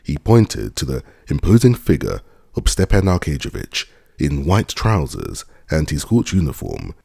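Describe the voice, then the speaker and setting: A man narrating a classic novel as an audiobook in an expressive, measured reading. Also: very deep voice, vocal fry, husky, dry recording, clean studio sound. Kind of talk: scripted narration.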